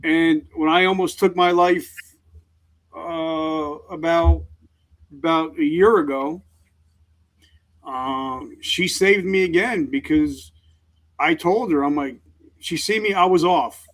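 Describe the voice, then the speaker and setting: Middle-aged guy, kinda high voice, earnest and halting, opening up in an interview. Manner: earnest, halting, emotionally open. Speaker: guest, veteran author and speaker. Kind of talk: candid interview talk.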